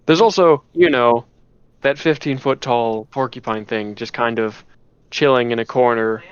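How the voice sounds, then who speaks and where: A man's voice: mid-range voice, a little slow, clear, resonant tone, dry recording, highs cut off. A man narrating a tabletop game as game master, rambling with many restarts and fillers. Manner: rambling, full of "you know" and restarts.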